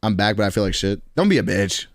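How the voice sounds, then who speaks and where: A man's voice: on the low side, sing-song, quick pace, dry recording, clean studio sound. A man in his twenties with a New York accent, chatting loosely and profanely with his stream viewers, laughing often. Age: 20s. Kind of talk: casual chat with stream chat.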